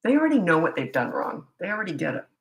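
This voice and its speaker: A woman's voice: fairly low pitch, big pitch swings, quick pace, slight background noise, rough recording. A middle-aged woman parenting coach chatting and telling stories in a live webcam Q&A, laughing often. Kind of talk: live Q&A chat from home on webcam. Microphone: laptop webcam.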